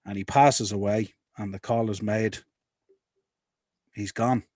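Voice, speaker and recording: A man co-hosting a podcast, calmly recounting events before he hands over to his guest. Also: fairly low pitch, slow pace, no room sound, studio quality. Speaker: podcast co-host. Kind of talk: casual chat.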